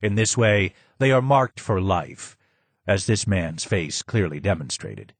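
Man, audiobook narration, low voice, dry close sound, measured reading. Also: very animated, husky, dry recording.

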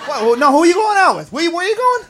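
A man's voice: extremely high pitch, big pitch swings, rapid-fire, bright, forceful tone, a faint crowd, a little hiss or hum, full character voice. A man playing a jealous, suspicious boyfriend who nags about his girlfriend's friends. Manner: nagging, resentful.

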